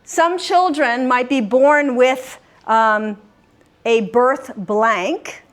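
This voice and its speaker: High, unhurried woman hosting a word game. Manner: patient, coaxing, gives clues and repeats answers. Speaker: quiz host. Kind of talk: leading a live word game. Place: common room of a senior-living community.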